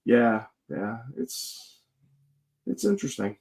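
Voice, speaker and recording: A man's voice: on the low side, very animated, slow, gravelly, darkish tone. Casual man, joking guest storyteller, rambling, filler-heavy chat. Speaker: guest paranormal investigator.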